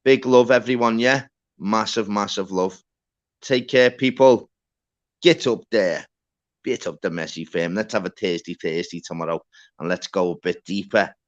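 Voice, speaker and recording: A man hosting a livestream, telling a story in a lively, sweary way. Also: on the low side, normal speed. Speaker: livestream host. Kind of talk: casual livestream chat. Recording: dull lo-fi stream audio.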